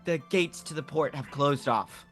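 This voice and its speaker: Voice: medium pitch, moderate pace, over music, lightly acted. A player voicing a dramatic male adventurer with a put-on British accent, grave and theatrical. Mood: grave alarm.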